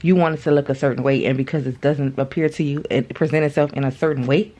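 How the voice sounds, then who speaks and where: A woman's voice: a bass voice, fairly even intonation, fast talker, mellow. Chatty woman giving a spiritual reading. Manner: chatty, repeats herself, addresses viewers directly. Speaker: spiritual card reader. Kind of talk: casual spiritual reading to viewers.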